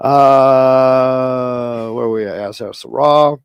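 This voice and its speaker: A man's voice: mid-range voice, fairly even intonation, slow pace, clear, resonant tone, no room sound, lo-fi sound. A man co-hosting a casual wrestling podcast, laid-back and steering the rundown. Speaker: podcast co-host.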